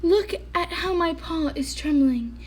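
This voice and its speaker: A woman's voice: extremely high pitch, a little slow, pitched above the performer's own voice. A woman voicing a sick, grumpy male bear who talks melodramatically about his cold. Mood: indignant. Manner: melodramatic, grumbling, self-pitying.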